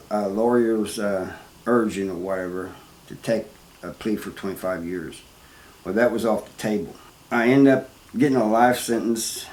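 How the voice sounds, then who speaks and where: A man telling his own story in a plain, halting way, full of restarts and "you know.". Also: on the low side, darkish tone. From Missouri, US. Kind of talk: first-person storytelling. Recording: roomy, with faint background noise.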